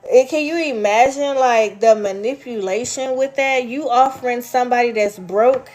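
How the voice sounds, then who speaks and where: A vlogger with a fairly high, slightly mellow voice chats casually at normal speed with her viewers. She rambles from one story to the next and answers their comments.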